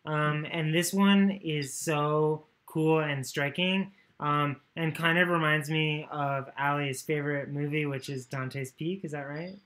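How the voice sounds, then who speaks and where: A woman's voice: deep voice, steady tone, measured pace, few pauses, a bit bright. A woman giving a loose, joking lecture, often correcting herself and swearing casually. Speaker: course lecturer.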